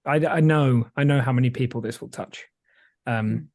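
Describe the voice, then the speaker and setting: A man's voice: mid-range voice, moderate pace. Effusive male podcast host. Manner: warm, effusive and chatty. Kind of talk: casual podcast conversation and outro.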